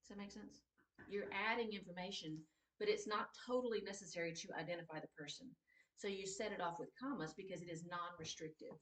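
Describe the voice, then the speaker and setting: A woman with a fairly low, slightly bright voice speaks quickly while teaching a writing class, patiently going over key points again and making sure her students follow the grammar lesson. The mic is distant, and the room adds a lot of echo.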